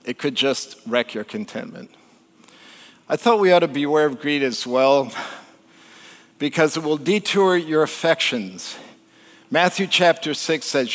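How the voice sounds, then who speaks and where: Male pastor, sermon, conversational with jokes, slightly high voice, long church reverb. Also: animated, measured pace, pauses often. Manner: conversational, joking, rhetorical questions to the congregation. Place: church sanctuary.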